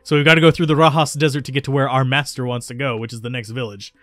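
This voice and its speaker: A man's voice: mid-range voice, fairly even intonation, rapid-fire, a bit bright, no room sound, studio quality. A man hosting a let's play, commenting casually on the game and correcting himself as he goes. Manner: chatty, self-correcting. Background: faint game music.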